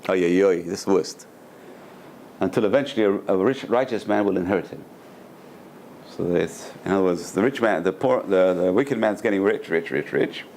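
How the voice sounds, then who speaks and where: A rabbi with a low-pitched voice gives a Torah class at normal speed, telling stories animatedly. He repeats phrases for emphasis and acts out quoted voices. A little hiss or hum is audible.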